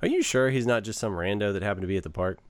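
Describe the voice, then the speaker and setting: Deep-voiced guy hosting a laid back tech podcast, kinda rambly. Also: very fast, dry recording. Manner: relaxed, rambling with fillers. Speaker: podcast host. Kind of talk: casual tech chat.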